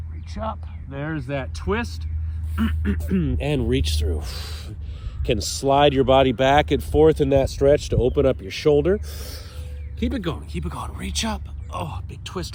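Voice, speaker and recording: A man in his fifties coaching a stretch routine at an unhurried, drawn-out pace. He is cheerful and playful and sounds slightly stuffy. He is outdoors, with faint noise behind him. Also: on the high side, darkish tone. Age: 50s. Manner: upbeat, jokey, cues movements while doing them. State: a little stuffy, clears throat often. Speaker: fitness coach. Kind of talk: guided stretching instruction. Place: outdoors on a mat on grass.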